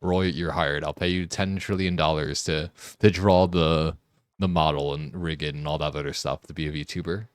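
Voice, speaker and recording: A man streaming a game, chatting casually, joking and laughing often, and getting excited as he rambles. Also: very deep voice, normal speed, no echo, clean studio sound. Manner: gets excited and rambling when riffing. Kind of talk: casual live-stream chat while gaming.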